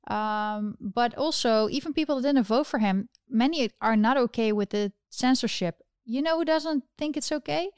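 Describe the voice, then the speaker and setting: Smooth-voiced indignant woman commentator. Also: on the high side, moderate pace, few pauses, no room sound, clean studio sound. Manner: animated, indignant, restarts often. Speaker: political commentary host. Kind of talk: casual political commentary.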